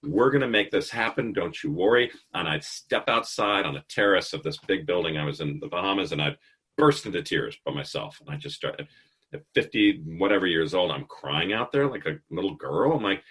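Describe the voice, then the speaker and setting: A man in his fifties hosting a casual interview, telling stories in an animated way and swearing freely. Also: low voice, a little fast, breathy edge. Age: 50s. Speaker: podcast host.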